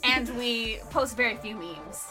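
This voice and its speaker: A woman's voice: fairly high pitch, measured pace, music in the background. A woman co-hosting a podcast, chatting casually and teasing with frequent laughter. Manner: giggly, teasing. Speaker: podcast co-host. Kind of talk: casual chat.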